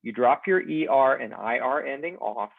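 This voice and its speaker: A man teaching a Spanish class, explaining verb endings in a slow, deliberate way and leading repeat-after-me drills. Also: mid-range voice, lively intonation, gravelly. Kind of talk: recorded class lecture. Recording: dry, phone-like narrow sound.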